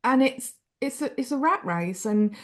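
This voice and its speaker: An English woman with a fairly high-pitched voice, talking through her memories in a loose, chatty way. Expressive and quick to restart her sentences, a guest in a relaxed interview. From England. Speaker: author guest. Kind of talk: casual interview storytelling.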